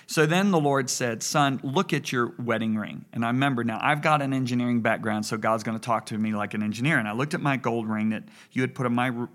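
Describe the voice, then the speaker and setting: A man's voice: mid-range voice, fast, few pauses. A man in his sixties, a pastor co-hosting a faith talk show, telling stories and acting out dialogue as he preaches. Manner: storytelling, animated retelling of dialogue. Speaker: pastor and co-host. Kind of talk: preaching conversation.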